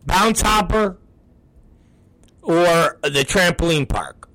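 A middle-aged man, a wrestling promoter, ranting on a talk show, swearing constantly and breaking into shouts. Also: on the high side, animated, slow pace. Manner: profane, ranting, bursts into shouting.

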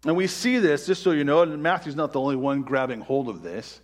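A man preaching a sermon as pastor, stressing key words by slowing down and dropping frequent "right?" asides. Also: on the high side.

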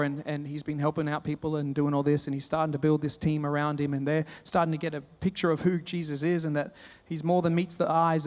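High-voiced Australian pastor in a reverberant hall. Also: male voice. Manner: storytelling with humor, animated retellings. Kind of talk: sermon.

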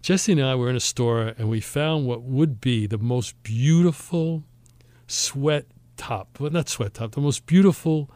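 A male podcast host spins a travel anecdote with relish, slipping into the voices of the people he quotes. His voice sits at an ordinary middle pitch. The sound is close and dry, with no room around it. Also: measured pace, no echo. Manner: animated storyteller, acts out quoted voices. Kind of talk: storytelling chat.

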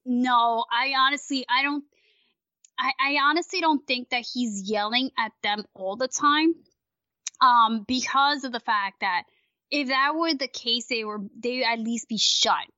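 A woman guest on a casual podcast, ranting in a rambling, profane, animated way. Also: on the high side, measured pace, no room sound, highs cut off.

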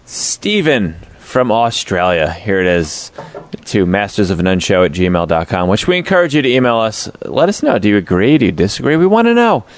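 A man co-hosting a comedy podcast, cracking jokes as he reads out listener mail. His voice sits low but swings widely in pitch. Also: expressive, normal speed. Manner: jokey, reads aloud with exaggerated voices. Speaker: podcast co-host. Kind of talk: casual banter, reading listener email.

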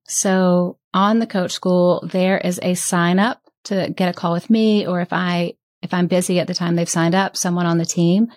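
A woman's voice: on the low side, no echo. Earnest woman coach, dry close sound. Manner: earnest and heartfelt, with soft laughs. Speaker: podcast host and business coach. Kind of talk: candid conversational interview.

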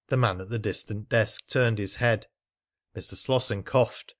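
Low-voiced man narrating an audiobook. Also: steady tone, unhurried, fairly bright tone. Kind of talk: scripted narration.

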